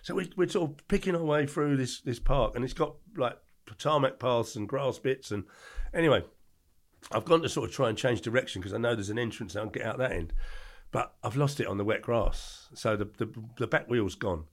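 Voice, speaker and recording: A man's voice: medium pitch, a little fast. An older man, telling a long story as a podcast guest and acting out the voices as he goes. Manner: animated storyteller who acts out the voices. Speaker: podcast guest, former doorman. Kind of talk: storytelling in a casual interview.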